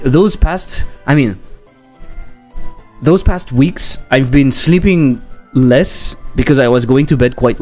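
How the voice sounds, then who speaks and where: A man's voice: mid-range voice, a little mellow. A man with a French accent, a game developer chatting casually on a livestream, rambling and joking as he reads chat aloud.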